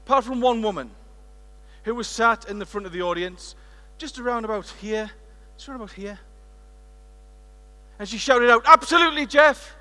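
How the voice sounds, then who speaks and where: A British man giving a lively conference keynote, telling a story and calling on the audience to shout out answers. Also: high voice, moderate pace, long pauses. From United Kingdom. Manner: lively, engaging the audience directly. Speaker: keynote speaker. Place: conference centre stage. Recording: echoey large hall.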